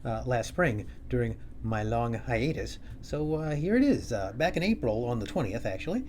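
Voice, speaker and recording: A male comedian telling a wry story at home in a halting, restarting way. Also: medium pitch, big pitch swings, darkish tone, a little hiss or hum. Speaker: comedian and host. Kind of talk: storytelling monologue. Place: his home, upstairs.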